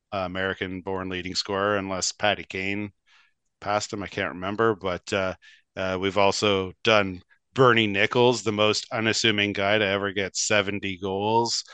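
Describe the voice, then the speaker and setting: A man's voice: fairly low pitch, sharp tone, clean tone, no room sound. A man, co-hosting a casual hockey podcast in a rambling, chatty way, often laughing. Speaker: podcast co-host.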